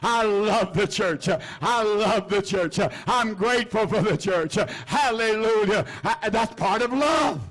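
A man's voice: high-pitched, lively intonation, measured pace, hardly any pauses, a bit bright. An older man preaching a sermon, fervent and repetitive, filling his phrases with "uh" and "hallelujah". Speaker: pastor.

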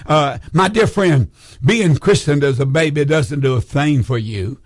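A man's voice: on the high side, no echo, clean studio sound. A man preaching fervently on a call-in broadcast, often repeating words as he builds up steam.

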